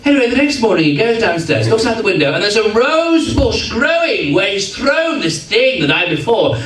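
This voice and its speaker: An English comedy performer with a high, sing-song, slightly bright voice tells a comic story at a moderate pace to a live crowd. His delivery is chatty, teasing and mock-pompous, recorded from a distance in an echoey hall with the audience present.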